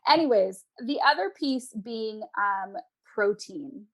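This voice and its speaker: A woman's voice: medium pitch, slow. A woman, an emotional eating coach, giving advice as a guest in a casual interview and acting out her clients' voices. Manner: animated, acts out clients' voices.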